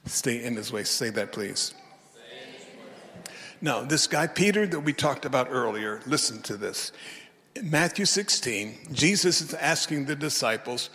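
Man preaching, animated storyteller, mid-pitched, booming long hall echo. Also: unhurried. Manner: animated storytelling with big swings in pitch and loudness. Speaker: bishop and preacher. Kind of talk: sermon. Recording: long reverb of a large hall.

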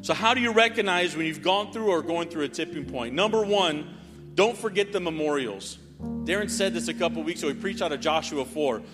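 Guy from north carolina preaching his life story, kinda high voice, long echo in the hall. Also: a little fast, music in the background. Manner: animated storytelling with frequent "right?". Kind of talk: sermon testimony. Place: church sanctuary.

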